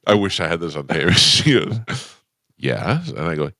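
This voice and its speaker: A man hosts a morning radio show in a studio and spins stories in loose banter. His voice is gravelly and bright, with a lot of swing in pitch, and it jumps high whenever he quotes someone. The sound is dry and close to the mic. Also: normal speed, no room sound. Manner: animated storyteller, jumps up high when quoting people. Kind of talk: casual radio banter, storytelling. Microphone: studio microphone.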